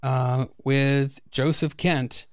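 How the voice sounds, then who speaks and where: A man's voice: medium pitch, steady tone, extremely slow, no echo. Casual man talking comics, dry sound. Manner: loose, swearing, retells scenes. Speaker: podcast co-host. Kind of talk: casual chat about comics.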